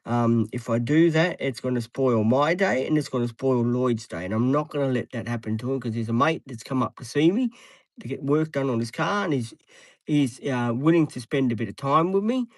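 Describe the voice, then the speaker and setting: A man's voice: mid-range voice, a little fast, dry recording, rough recording. A man in his thirties live streaming from inside a van, rambling with lots of ums and restarts. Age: 30s. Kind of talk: casual live stream chat. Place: inside a parked van, dim light.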